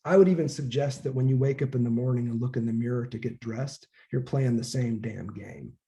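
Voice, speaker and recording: A man speaks fairly quickly in a warm, gravelly voice of medium pitch, giving a casual, conversational lecture. He dramatizes quoted voices and lets an occasional profanity slip.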